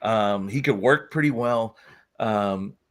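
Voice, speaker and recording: A man with a New England accent telling wrestling stories as a guest in casual chat, acting out quotes in voices. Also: takes it slowly. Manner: animated, acts out quotes with high-pitched voices. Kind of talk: casual storytelling.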